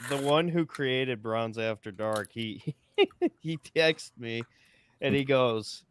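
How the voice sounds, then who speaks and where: A man on a talk show panel, telling a story in a slow, laid-back way and chuckling as he goes. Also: medium pitch, clean tone. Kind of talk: casual chat.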